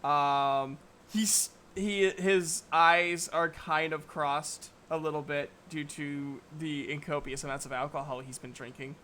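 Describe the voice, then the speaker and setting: A man narrating as game master of a tabletop game, halting with many fillers and giggles. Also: fairly high pitch, steady tone, bright, forceful tone, a little hiss or hum.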